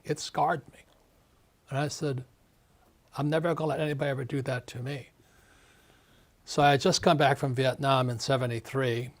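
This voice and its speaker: A man in his seventies, an author being interviewed, ranting emphatically, repeating words and mimicking others. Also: medium pitch. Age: 70s. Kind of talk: animated interview talk.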